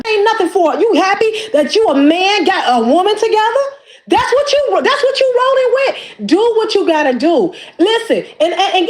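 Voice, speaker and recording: High-pitched woman, impassioned and preachy. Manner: preachy and emphatic, repeats phrases. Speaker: YouTube creator. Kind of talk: impassioned direct-to-camera monologue.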